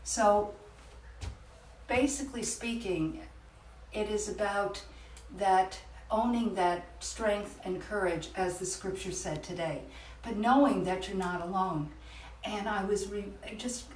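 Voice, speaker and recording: A woman around seventy, an author and motivational speaker, telling a reflective faith-based story with many pauses. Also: medium pitch, slight background noise. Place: event room. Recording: echoey room, far from the mic.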